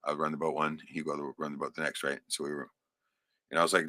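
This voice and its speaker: A middle-aged man with a low voice spins a long, profane personal story, loose and chatty, at a quick pace with flat delivery. His tone is bright and forceful, recorded dry and close with little echo, and he laughs often while tossing in "right?" again and again.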